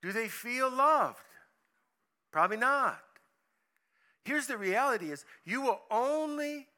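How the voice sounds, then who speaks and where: High, bright-voiced male preacher. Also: takes it slowly, pauses often. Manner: animated storytelling, acts out voices, asks the audience questions. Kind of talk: sermon.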